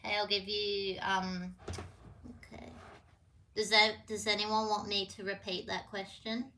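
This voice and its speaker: A woman's voice: medium pitch, level tone, a little slow, pushed and bright. A woman hosting a trivia quiz on a casual live stream, chatty and meandering, with lots of fillers and little apologies. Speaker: livestream trivia host. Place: home with a piano.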